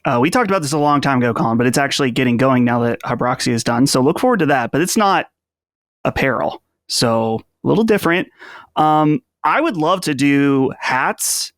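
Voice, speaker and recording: Hesitant, measured podcast co-host man. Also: mid-range voice, animated, fairly bright tone, no echo, clean studio sound. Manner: measured, hesitant, lots of ums. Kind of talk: casual podcast chat.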